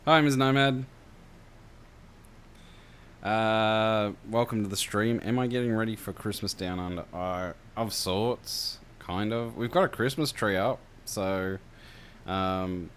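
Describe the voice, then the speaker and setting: A man with a low voice narrates a story game on his stream. He drifts between reading and loose chat with viewers, with plenty of hesitant fillers, and a faint hum sits behind him. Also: takes it slowly. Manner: relaxed, chatty, hesitant with fillers.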